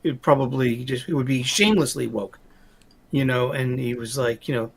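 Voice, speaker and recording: A man's voice: mid-range voice, normal speed, creaky, slightly rough. A man hosting a podcast in casual chat, rambling and often stumbling over his words. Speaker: podcast host.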